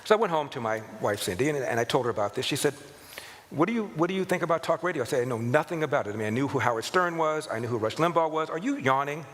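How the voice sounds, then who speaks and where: A man in his sixties, a radio talk show host, telling personal stories with animated, chuckling delivery. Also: medium pitch, rapid-fire, hardly any pauses. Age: 60s. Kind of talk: anecdotal storytelling to an audience. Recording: reverberant hall with clear background noise.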